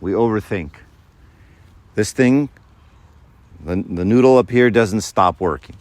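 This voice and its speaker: A man's voice: fairly low pitch, a little slow, a little mellow, dry recording. Man in his 50s, faith talk to young people, informal, keeps saying right?, acts out little scenes. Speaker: speaker giving a faith talk.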